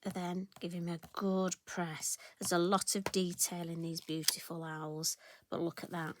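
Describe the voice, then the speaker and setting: A woman's voice: fairly low pitch, flat delivery, unhurried, noisy background. Chatty woman demonstrating card stamping. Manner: chatty and self-deprecating, talks to viewers while working. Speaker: craft tutorial host.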